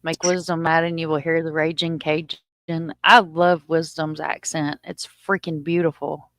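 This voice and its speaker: Woman, stream host, slightly low voice, joking and loose, dry close sound. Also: level tone, a little slow, a bit bright, no echo. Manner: loose, joking, swears casually. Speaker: channel host. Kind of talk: casual livestream chat.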